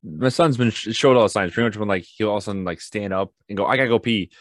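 A young man with a very low, deep voice chats casually on a podcast, telling home stories with animation. He jumps into high, squeaky voices to act out his toddler. The sound is dry and close, with no room echo. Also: quick pace. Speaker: podcast co-host. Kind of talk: casual chat.

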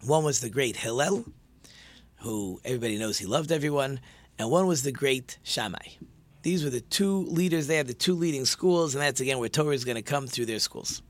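A man teaching a religious lesson through stories, animated and acting out the dialogue with lively shifts in pitch. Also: normal speed, no echo. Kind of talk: storytelling lesson.

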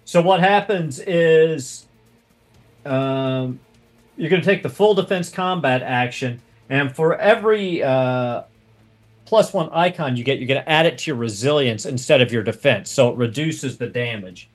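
Brief: male game master, unhurried, patient with the rules, faint music underneath. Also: medium pitch. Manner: unhurried, explains rules step by step. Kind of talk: narrating a tabletop game.

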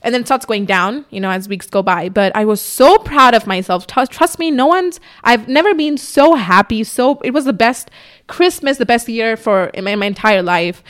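A woman's voice: fairly high pitch, expressive, normal speed, a bit bright. A young woman YouTuber talking to her camera in a casual sit-down vlog, chatty and candid, swearing casually. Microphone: camera on tripod in front of her.

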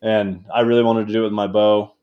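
Young man, low-pitched voice, casual, animated storyteller, laughs as he talks. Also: fast talker, lo-fi sound. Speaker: guest, game call maker.

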